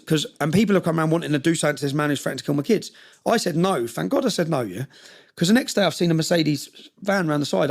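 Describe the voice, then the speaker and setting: A man's voice: fairly high pitch, vocal fry, husky. A man telling a story intensely in an interview, often checking in with "yeah?" and acting out what others said. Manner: recounting with quoted dialogue. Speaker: interview guest.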